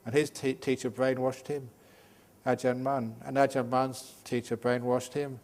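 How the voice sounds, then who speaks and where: An older man, a Buddhist monk, teaching meditation in a humorous, lively Dhamma talk full of jokes. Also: mid-range voice, unhurried. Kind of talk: Dhamma talk at a day retreat.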